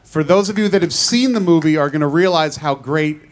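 A man's voice: fairly high pitch, brisk. An American man hosting an interview on stage, joking, enthusiastic and fumbling the starts of his sentences. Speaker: host.

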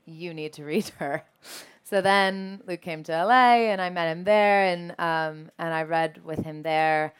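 A young woman, an actress, telling animated stories in an interview and laughing often. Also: on the low side, a little slow, clean tone. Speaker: actress and guest. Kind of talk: anecdotal interview chat.

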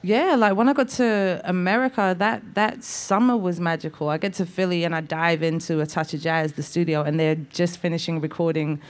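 Female guest, Liverpool accent, lower voice, animated storyteller. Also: normal speed, hardly any pauses. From England. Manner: animated, lively storyteller with laughs. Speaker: songwriter guest. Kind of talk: casual interview storytelling.

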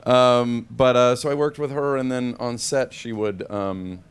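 A man's voice: medium pitch, fairly even intonation, measured pace, smooth. A man answering questions as a guest at a live film Q&A, hesitant and self-deprecating, with many restarts and laughs. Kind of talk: casual panel Q&A. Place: event hall with live audience.

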